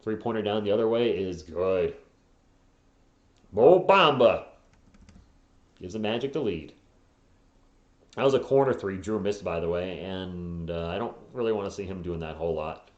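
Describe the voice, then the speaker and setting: A hoarse man hosting a live fan play-by-play stream, calling plays quickly and tossing in joking asides and replies to viewers. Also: sits low, animated, reverberant, lo-fi sound. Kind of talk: casual live play-by-play commentary.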